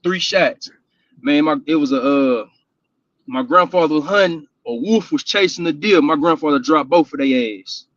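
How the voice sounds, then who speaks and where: A man's voice: on the high side, normal speed, a bit bright, no echo, muffled recording. A man from Houston with a Texas accent, telling hunting stories in a drawling, laughing way. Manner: drawling, laughs often, restarts mid-sentence. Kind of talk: casual storytelling chat.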